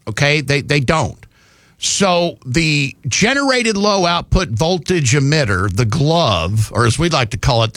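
A man's voice: fairly high pitch, a bit bright, dry recording, studio quality. A man hosting a talk radio show, rambling in a folksy way with frequent fillers and restarts.

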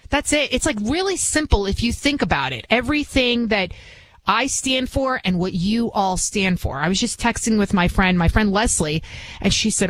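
A woman's voice: medium pitch, lively intonation, moderate pace, a bit bright, low-quality recording. A woman with a Bronx accent, guest-hosting a talk radio show in a chatty, emphatic monologue full of restarts. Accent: Bronx, New York. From New York.

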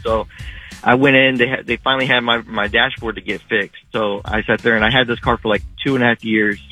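A man's voice: mid-range voice, steady tone, a little fast, bright, forceful tone, faint music behind, low-quality recording. A man calling in to a radio show, telling a story in a rambling way full of fillers. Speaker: caller. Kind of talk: telling an anecdote on call-in radio.

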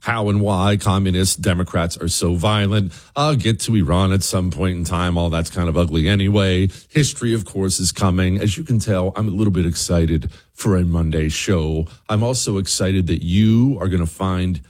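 Fired-up husky talk radio host. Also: male voice, low-pitched, normal speed, hardly any pauses, a little mellow. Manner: fired-up, direct address to listeners. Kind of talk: political talk radio monologue.

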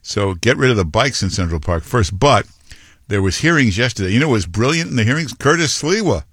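A man's voice: medium pitch, animated, fairly quick, a bit bright, breathy edge, no room sound, studio quality. A man hosting talk radio, chatting casually about local politics with lots of asides and restarts.

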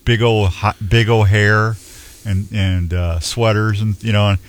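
A man's voice: lowish voice, fairly even intonation, measured pace. A man in his sixties hosting a radio show, telling rambling folksy stories and reading out announcements. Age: 60s. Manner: rambling storyteller, folksy, many restarts. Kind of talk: casual radio chat with announcements.

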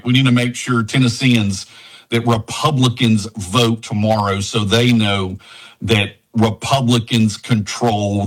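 A man's voice: on the low side, a bit bright, low-quality recording. Man, congressional candidate, earnest, urgent, repeats himself. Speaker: congressional candidate, radio guest. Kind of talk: campaign pitch on a call-in.

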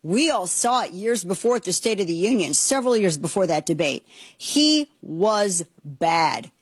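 Husky, indignant woman commentator. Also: mid-range voice, lively intonation, brisk, no echo. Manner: indignant, sarcastic, emphatic. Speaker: talk show host. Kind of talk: opinionated commentary.

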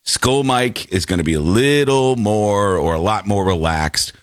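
A man's voice: unhurried, no room sound, studio quality. A male show host talking in a playful, jokey way, with a stuffy, congested voice. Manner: playful, jokey, swings pitch widely. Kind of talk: casual comedic show banter.

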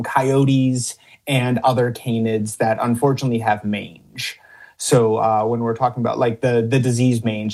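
Middle-aged male biologist, husky and a bit raspy, easygoing interview chat with restarts. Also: medium pitch, darkish tone. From upstate New York. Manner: rambling, many fillers and restarts, chuckles often. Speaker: biologist and TV cryptid hunter. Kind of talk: casual interview answers.

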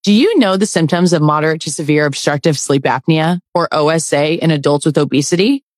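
A woman reading a scripted advertisement in a calm, informative way. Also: low-pitched, brisk, no echo, clean studio sound, soft background music. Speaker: ad announcer. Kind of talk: scripted ad read.

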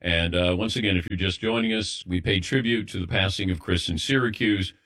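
Bright-voiced man hosting sports talk. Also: low-pitched, fairly quick. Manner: relaxed, conversational, reminiscing. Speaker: sports radio host. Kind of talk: casual sports talk show banter.

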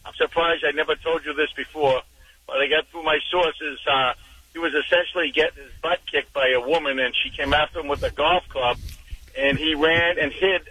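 A man's voice: a little high, fairly even intonation, normal speed, bright, forceful tone, husky, poor audio. A man calling in to a radio show, chatty and passing on local gossip. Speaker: caller. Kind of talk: call-in radio talk.

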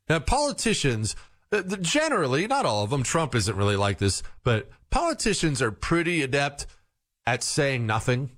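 Animated sarcastic male radio host. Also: mid-range voice. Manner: sarcastic, mocking, animated storytelling. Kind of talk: talk radio monologue.

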